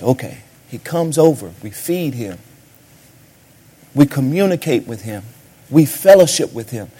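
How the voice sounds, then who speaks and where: A man preaching a sermon as a pastor, swinging between sudden shouts and hushed asides. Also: medium pitch.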